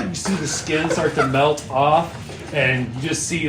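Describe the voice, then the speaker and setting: A man narrates a tabletop game as its game master, filling his descriptions with "like" and breaking into laughter. His voice sits at a middle pitch. The room rings with echo and music plays behind him. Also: moderate pace. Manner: loose, filler-heavy describing, often laughing.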